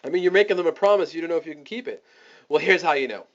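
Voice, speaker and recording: A man teaching a webinar, giving energetic step-by-step sales coaching and acting out the scripts for his listeners. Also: a little high, racing, highs cut off. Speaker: online marketing coach.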